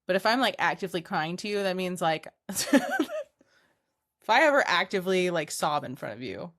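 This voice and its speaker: A woman with a slightly low voice co-hosts a podcast in a relaxed, conversational way. She talks easily and fills her sentences with "like". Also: moderate pace. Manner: relaxed and laid-back, heavy use of "like". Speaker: podcast co-host. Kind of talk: casual chat.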